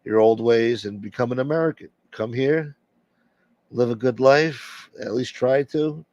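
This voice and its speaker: A man's voice: medium pitch, unhurried, a little mellow, dry recording, dull audio. A man hosting a late-night livestream and rambling bluntly through strong opinions in casual chat. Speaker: livestream host.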